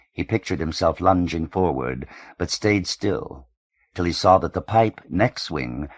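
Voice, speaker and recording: Man, audiobook narrator, very deep voice, measured reading, dry close sound. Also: no room sound.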